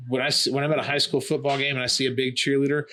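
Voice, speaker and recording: A man's voice: mid-range voice, level tone, fast, pushed and bright, slight background noise. A middle-aged comedian, a man, chats casually on a podcast. He tells his stories in a sarcastic, joke-filled way. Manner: storytelling, sarcastic, jokey. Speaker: comedian guest.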